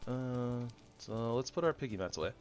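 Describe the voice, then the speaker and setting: A man giving goofy, rambling commentary over his own gameplay, jumping between loud excitement and soft mumbling. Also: mid-range voice, moderate pace, soft background music. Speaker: gaming channel host.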